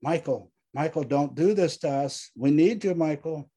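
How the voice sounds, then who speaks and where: Panicked pleading wife, put on by a man, high and husky. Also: normal speed, warm tone. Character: frantic loving wife pleading on the phone.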